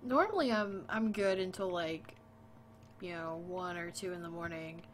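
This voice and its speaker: A woman's voice: on the low side, normal speed, a little hiss or hum. A woman streaming a game late at night, tired and chatty, talking to her viewers and her dog. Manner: sleepy, chatty, talks to chat and her dog. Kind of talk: casual gaming stream chat.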